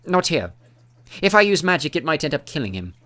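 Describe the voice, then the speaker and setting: A man's voice: fairly high pitch, big pitch swings, brisk, pitched above the performer's own voice. A man reading an audiobook, voicing a cheery, knowing woman warrior with magic in a raised, teasing voice. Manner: bright, teasing, breezy.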